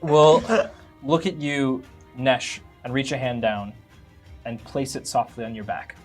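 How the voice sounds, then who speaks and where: Man narrating a tabletop game, halting. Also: mid-range voice, faint music behind. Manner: hesitant, filler-heavy narration. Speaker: dungeon master.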